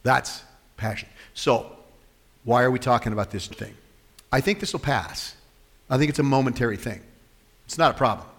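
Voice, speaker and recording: A man preaching a sermon as pastor, animated, swinging between loud and soft and acting out the quotes he tells. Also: medium pitch, normal speed, long pauses, breathy edge. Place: church hall. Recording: long hall reverb.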